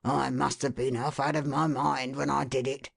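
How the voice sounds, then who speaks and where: A woman voicing a middle-aged working-class husband in an audiobook, slow and muttering. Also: extremely low pitch, little pitch movement, gravelly, breathy edge, no echo, studio quality, full character voice. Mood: grumbling. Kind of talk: audiobook character voice.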